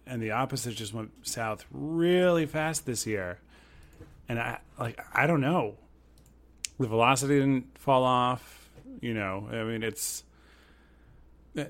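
A man's voice: mid-range voice, a bit bright. A man co-hosting a sports podcast, musing and joking in hesitant, casual talk. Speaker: podcast co-host.

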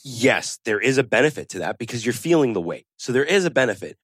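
A man's voice: medium pitch, sing-song, fast, a bit bright, husky, no room sound, clean studio sound. A man co-hosting a podcast, talking bluntly and animatedly, with casual swearing. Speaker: podcast co-host. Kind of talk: casual chat.

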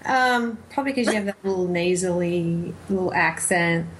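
A woman's voice: lowish voice, moderate pace. A woman co-hosting a talk radio show, teasing her partner and laughing easily. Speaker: radio co-host. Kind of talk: casual radio banter.

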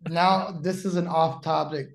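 Man telling a story, animated and laughing. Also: fairly high pitch, measured pace, gravelly. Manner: animated, laughs often, many fillers. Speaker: guest storyteller. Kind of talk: casual conversational storytelling.

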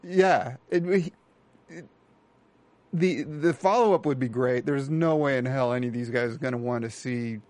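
A man's voice: medium pitch, normal speed, a little mellow, no room sound. A man co-hosting a casual podcast chat, easygoing, explaining practical details with dry jokes. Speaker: podcast co-host.

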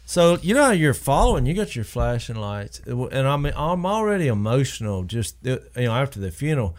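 A man's voice: mid-range voice, fairly quick. A man telling a rambling story in casual chat and acting out the people in it. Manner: animated, rambling, acts out quoted people. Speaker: podcast co-host telling a story.

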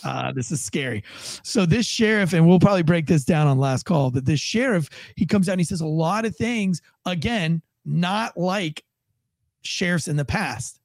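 A man's voice: a little high, animated, normal speed, vocal fry, dry recording. A man, a former police officer, co-hosting a podcast in a rambling, casual way with many restarts. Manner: rambling, restarts a lot, acts out quoted tones.

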